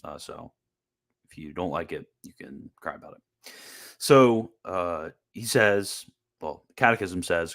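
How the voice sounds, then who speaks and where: A man's voice: deep voice, lively intonation, unhurried, fairly bright tone. A young man giving casual, combative commentary on church teaching, sarcastic and full of restarts. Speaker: Catholic commentator.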